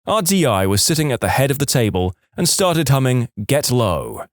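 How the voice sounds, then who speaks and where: A man's voice: mid-range voice, sing-song, normal speed, no echo, clean studio sound. A man reading reddit stories aloud in a matter-of-fact storytelling way. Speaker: narrator.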